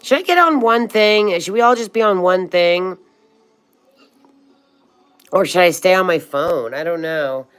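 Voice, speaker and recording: A woman in her sixties hosts a relaxed livestream, greeting viewers as honey and sweetheart. Her chat is loose and friendly with the odd swear word. Her voice sits a little low. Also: measured pace, long pauses, clear, resonant tone, soft background music. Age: 60s. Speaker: livestream host. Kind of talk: casual livestream chat reading comments.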